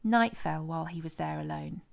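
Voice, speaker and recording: A woman's voice: low voice, fairly quick, gravelly. Woman reading scripture aloud. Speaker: scripture reader. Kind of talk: scripted narration.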